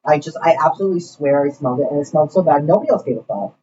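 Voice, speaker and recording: A woman's voice: deep voice, racing, mellow. A young woman co-hosting a podcast, telling a party story in rambling casual chat and swearing freely. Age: young adult. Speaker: podcast co-host. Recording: distant mic, dull lo-fi sound, faint hiss.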